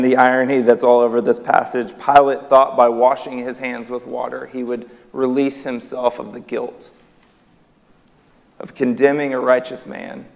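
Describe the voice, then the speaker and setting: A man's voice: medium pitch, vocal fry. A man preaching a sermon in a church hall, emphatic, his voice rising on key words. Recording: long reverb of a hall.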